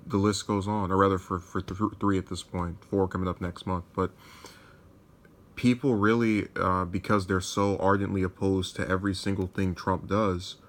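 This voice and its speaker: Low, flat-voiced male political commentator. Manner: sardonic, digressive, with frequent restarts. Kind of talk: reading news and commenting.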